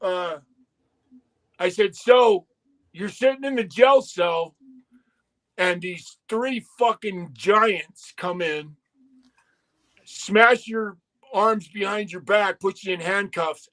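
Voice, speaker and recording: A man's voice: sits high, a bit bright. A man telling a long, profane story in casual podcast chat, quoting people as he goes.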